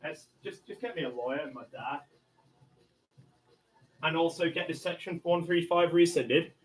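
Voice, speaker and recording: Man, fairly high pitched, aggressive and foul-mouthed, mutters then shouts demands. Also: normal speed, a little hiss or hum. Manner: swings between low muttering and angry shouting. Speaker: livestreamer in a police standoff. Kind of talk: livestreamed confrontation. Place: inside a house.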